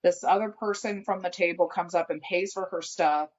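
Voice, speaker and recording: A woman telling a workplace story in a casual podcast chat, animated and acting out what people said. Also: fairly low pitch, moderate pace, dull audio. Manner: animated, acts out quotes while telling a story. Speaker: guest friend.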